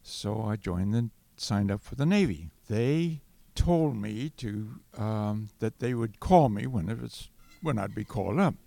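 A man's voice: fairly low pitch, animated, unhurried, creaky, few pauses, dark tone, no echo. An older man from California telling a wartime Navy anecdote, chuckling and restarting as he rambles. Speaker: World War Two Navy veteran guest. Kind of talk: storytelling interview.

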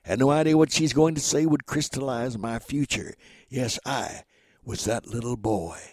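A man in his seventies from Oklahoma, telling stories as an interview guest in an animated, rambling, dramatic way. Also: mid-range voice, normal speed, no echo. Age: 70s. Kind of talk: storytelling interview.

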